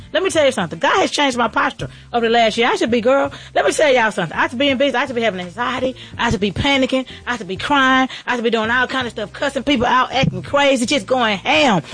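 A woman in middle age hosts a faith-driven motivational show, talking at a rapid clip. She is excited and preachy and keeps circling back to the same phrases. Soft music plays faintly underneath. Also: on the high side. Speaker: podcast host and restaurant owner.

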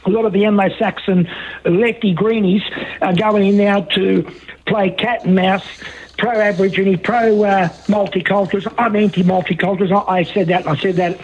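A high-voiced Australian man rambles on the phone to a radio host, circling back over the same points with insistent emphasis. His voice is husky and a little breathy. The call comes through a dull, muffled phone line. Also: steady tone, normal speed. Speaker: caller.

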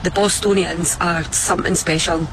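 A Scottish woman giving a heartfelt, grateful message to a city, speaking with emotion and halting restarts. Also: on the low side, steady tone, background noise. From Scotland. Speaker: visitor addressing a city. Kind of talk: heartfelt address to the public.

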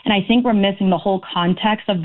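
A woman's voice: medium pitch, fairly even intonation, fast talker. Female caller, earnest and aggrieved, heard over a thin phone line. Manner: earnest, aggrieved, talks in long runs. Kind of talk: call-in talk radio. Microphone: telephone.

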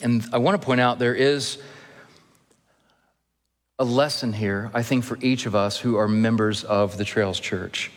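A male pastor preaching an earnest expository sermon, slowing down to stress key phrases. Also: mid-range voice, steady tone. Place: church sanctuary. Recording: long hall reverb.

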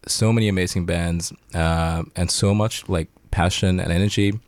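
A man's voice: deep voice, steady tone, normal speed, dry recording. A man from Sri Lanka, a guest band member in casual chat, laid-back and slangy, laughing often and tired late at night.

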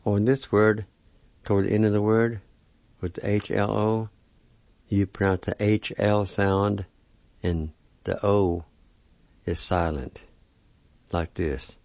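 A man teaching a language lesson on the radio, spelling each word letter by letter and repeating its pronunciation slowly. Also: fairly low pitch, fairly even intonation, gravelly, a little mellow, no echo, highs cut off. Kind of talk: spelling out and pronouncing vocabulary.

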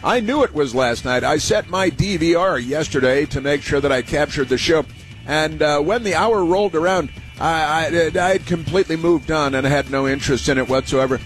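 A man's voice: fairly high pitch, moderate pace, soft background music. A man hosting a talk radio show, delivering a rambling political monologue full of uhs, sarcastic and scornful.

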